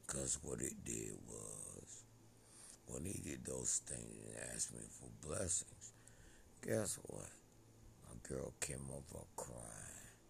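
A man talking in a rambling monologue that drifts between topics, swinging from loud outbursts to low mutters. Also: animated, takes it slowly, gravelly, slight background noise.

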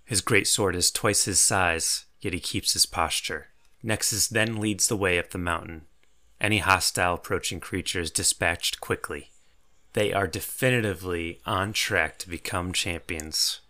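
A man's voice: low-pitched, normal speed, sharp tone. A man narrating a fantasy tabletop game as game master, telling the story in a vivid, descriptive way. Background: faint music.

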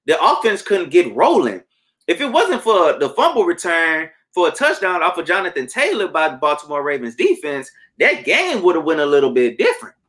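Male podcast co-host, casual betting talk, animated and emphatic, voice sits a bit high. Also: fairly quick. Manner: animated, repeats words for emphasis. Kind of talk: casual sports betting chat.

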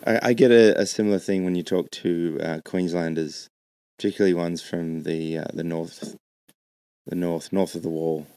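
A man hosting a casual podcast interview, talking in halting, hesitant bursts with plenty of restarts. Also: low-pitched, steady tone, mellow, clear, resonant tone, no echo. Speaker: podcast host.

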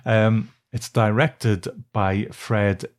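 A man co-hosting a film podcast, easygoing and quick to laugh as he recaps a film's plot. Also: on the low side, fairly even intonation. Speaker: podcast co-host. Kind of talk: casual chat and reading a plot summary.

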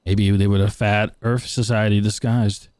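A man's voice: on the low side, little pitch movement, normal speed, clear, resonant tone, no room sound, clean studio sound, natural voice. Man playing a nosy, dramatic podcast host. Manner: frantic, interrupting, bursts into shouting. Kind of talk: in-character game role-play interview.

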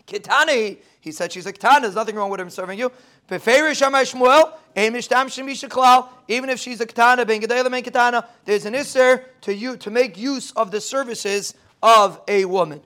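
Very high-voiced man teaching Talmud. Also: a bit bright. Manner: quick, conversational, with joking asides; blends Hebrew and Yiddish terms into English. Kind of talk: daily Talmud class lecture.

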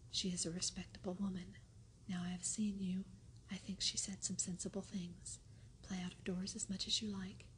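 A woman in a whispered role-play, voicing a troubled middle-aged male guardian in a soft, hushed voice. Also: mid-range voice, little pitch movement, moderate pace, slight background noise, natural voice. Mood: fretful.

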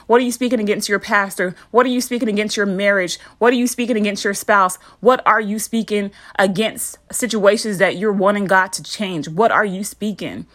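A woman's voice: mid-range voice, fairly bright tone. A woman in her thirties hosting a podcast, giving an informal, earnest devotional talk with a repetitive, encouraging preaching rhythm.

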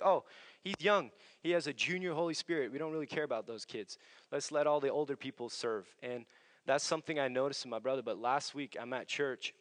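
Earnest young preacher in a reverberant hall. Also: male voice, medium pitch. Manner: earnest, conversational, drops to a hushed voice for stories. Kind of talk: sermon.

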